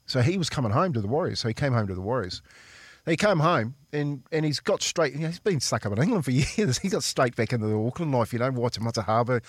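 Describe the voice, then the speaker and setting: A former rugby league player from New Zealand tells chatty stories on the radio, laughing and calling people "mate" a lot. He's a fast, expressive talker with a mid-range voice, and the recording is dry.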